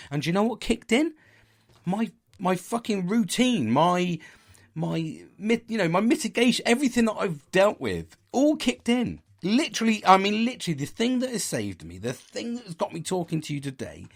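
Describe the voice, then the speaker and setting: A man's voice: on the high side, big pitch swings, a little fast, creaky. A middle-aged man, talking candidly about his week in a rambling, sweary monologue full of restarts. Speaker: podcast host.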